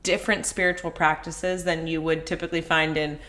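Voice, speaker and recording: A woman with a fairly low but bright, forceful voice, co-hosting a casual podcast. She talks earnestly, with a dry sarcastic streak. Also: level tone, a little fast. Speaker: podcast co-host. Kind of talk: casual chat.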